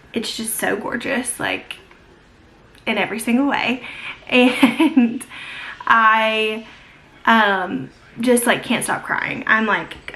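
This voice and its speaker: A woman's voice: medium pitch, bright, forceful tone. A young woman chatting casually while she does her makeup, gushing and filling her talk with many "like"s. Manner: gushing, filler-heavy, many "like"s. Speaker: beauty vlogger. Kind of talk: casual get-ready-with-me chat.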